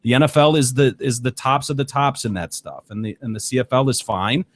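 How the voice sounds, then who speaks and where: A man's voice: medium pitch, fairly quick. A man co-hosting a podcast, chatting bluntly about sports and TV, often swearing and ranting. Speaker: podcast co-host. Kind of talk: casual sports chat.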